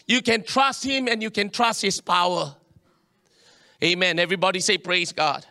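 A man preaches to his congregation in a high, bright voice. He swings between loud declarations and quiet asides. The sound is close and dry. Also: moderate pace, vocal fry, no echo. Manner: animated preaching, calls to the congregation. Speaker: pastor. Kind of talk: sermon.

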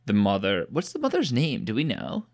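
A man co-hosting a casual podcast chat, recapping a movie with teasing jokes and deadpan asides. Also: mid-range voice, normal speed. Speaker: podcast co-host.

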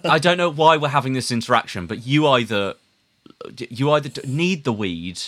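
A man with a posh English accent, a podcast co-host, feeling woozy and telling a rambling, halting story with frequent laughs. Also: mid-range voice, expressive, a bit bright. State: woozy after a blood test. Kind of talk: casual chat.

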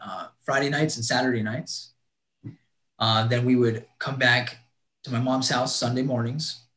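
A man guest earnestly telling a heartfelt personal story, often restarting his sentences. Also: medium pitch. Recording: roomy echo.

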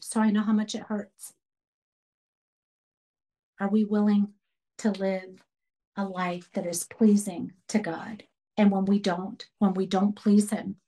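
A woman's voice: medium pitch, a little mellow. A middle-aged woman teaching a women's Bible study, earnest and preaching with repeated questions. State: tearful while telling a story.

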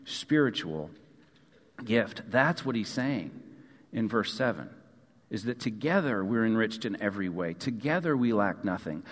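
Earnest male pastor in a reverberant hall. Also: medium pitch. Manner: earnest, repeats key phrases, drops soft on endings. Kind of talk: sermon. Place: church sanctuary.

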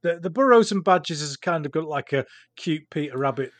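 A man hosting a podcast in casual banter, often halting and repeating his words. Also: on the high side, lively intonation, fairly bright tone, no echo. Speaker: podcast host.

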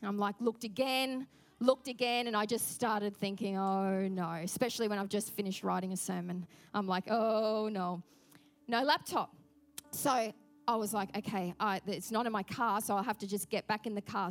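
Animated woman pastor preaching. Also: on the high side. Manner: animated storytelling, acting out her own thoughts. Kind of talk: sermon.

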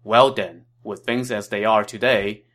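A man's voice: on the low side, steady tone, a little slow, fairly bright tone. A man voicing a cunning, commanding male warlord, read as quoted dialogue in an audio story. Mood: wry.

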